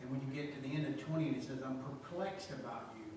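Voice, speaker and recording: A man in a Bible study class sharing a quiet, reflective comment. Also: medium pitch, quick pace. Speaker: class participant. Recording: far from mic, very echoey, noise.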